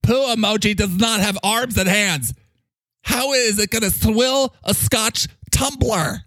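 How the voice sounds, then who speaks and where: A man voicing an excitable male character who announces gossip in a frantic way. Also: high voice, measured pace, no room sound, pitched above the performer's own voice. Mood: gossipy.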